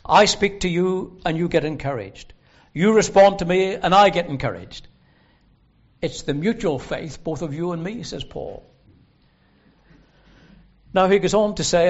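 Preacher in a dull recording. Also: male voice, fairly high pitch. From Northern Ireland. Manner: earnest, emphatic, slows and stresses scripture quotes. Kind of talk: sermon. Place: gospel hall at a conference.

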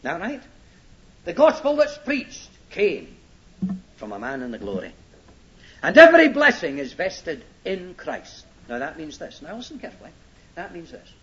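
Emphatic preacher with a lively, high voice. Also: male voice, normal speed. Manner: emphatic, repeats points and checks listeners are following. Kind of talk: bible teaching sermon. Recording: dull lo-fi old sermon tape.

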